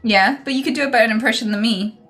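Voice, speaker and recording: A woman's voice: on the high side, quick pace, fairly bright tone, faint music behind. A woman streamer chatting casually and playfully on a live stream, laughing often.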